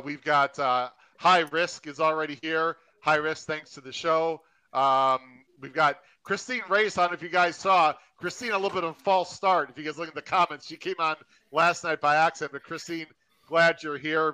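A man runs a live podcast with an upbeat, hype-building energy. His voice is bright and a little high, recorded close and dry with almost no room sound. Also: steady tone, moderate pace, clear, resonant tone, no room sound, low-quality recording. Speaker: podcast host.

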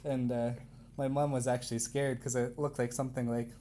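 A man's voice: mid-range voice, little pitch movement, brisk, dark tone, slight background noise. A man chatting casually on a podcast, laid-back and agreeable. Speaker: podcast guest.

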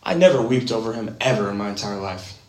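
A young man preaching an energetic sermon, animated and casual, swinging from quiet asides to shouting and calling listeners bro and man. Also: fairly low pitch, quick pace. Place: church gathering hall. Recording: echoey room.

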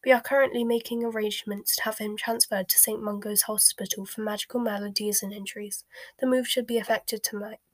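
A woman reading a storybook aloud and voicing a flustered, pompous male wizard minister in a louder, brisk voice. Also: medium pitch, fairly even intonation, dry recording, close to an everyday voice. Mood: grave. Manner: blustering and brisk, louder than the narration.

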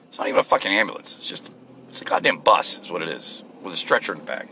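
A man's voice: low voice, animated, rapid-fire, bright, forceful tone, slight background noise. A man hosting his own podcast, rambling casually and profanely while driving to work. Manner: rambling, profane, self-deprecating. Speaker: podcast host. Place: in a vehicle.

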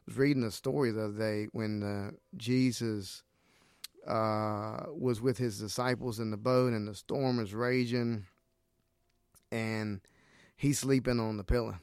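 Middle-aged man from Nicaragua, missionary guest, earnest faith storyteller, lowish voice, dry close sound. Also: a little slow, clear, resonant tone, dry recording. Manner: earnest storyteller, animated when retelling scripture. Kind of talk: casual faith conversation.

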